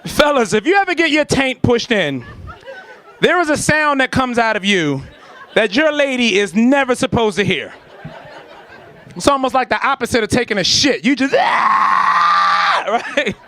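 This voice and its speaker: A man doing a stand-up comedy set, telling a story with lively acted-out voices and shouts before a laughing audience. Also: extremely high pitch, normal speed, some chatter behind.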